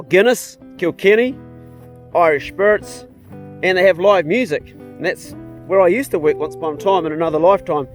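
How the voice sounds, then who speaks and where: A middle-aged man from New Zealand chatting casually outdoors on his farm, folksy and rambling, talking to his dogs. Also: fairly high pitch. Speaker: vlogger and hunter. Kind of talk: casual outdoor vlog chat.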